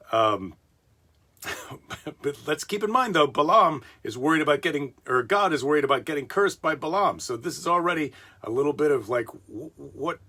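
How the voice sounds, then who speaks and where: A man's voice: mid-range voice, bright, forceful tone, husky. A man reading a Bible story aloud and breaking off into wry, joking asides as a comedy podcast host. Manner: wry, joking asides between read passages.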